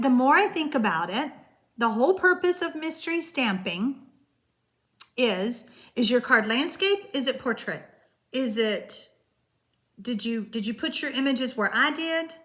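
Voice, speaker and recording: A woman's voice: fairly high pitch, sharp tone. A woman hosting a live-streamed card-making class, chatting loosely with viewers and answering their comments, with frequent hesitations.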